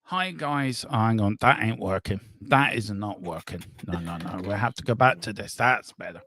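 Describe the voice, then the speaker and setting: A man's voice: fairly low pitch, expressive, moderate pace, a bit bright, a little hiss or hum. A man hosting a casual football fan talk show, frank and emotional, rambling between reader comments.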